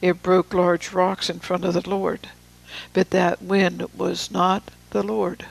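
A preacher giving a sermon, reading scripture with slow, deliberate emphasis and casual asides to the room. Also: medium pitch, level tone, creaky, poor audio.

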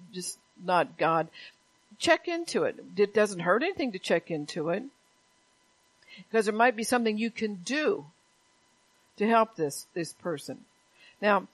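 A woman's voice: on the high side, rough recording. A woman pastor preaching a sermon in church, talking plainly and conversationally and often repeating her words.

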